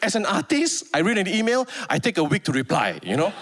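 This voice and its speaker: A Malaysian man performs stand-up comedy in Malaysian English. His voice sits high and swoops widely as he tells stories and acts them out. The delivery is lively and theatrical. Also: fairly quick, slight background noise. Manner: animated storytelling, acting out scenes.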